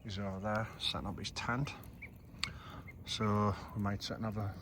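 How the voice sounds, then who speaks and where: A man's voice: fairly low pitch, steady tone, normal speed, noisy background. A man in his thirties with a Geordie accent, hosting a casual camping vlog outdoors by a campfire at night, chatty and swearing freely. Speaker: vlogger host.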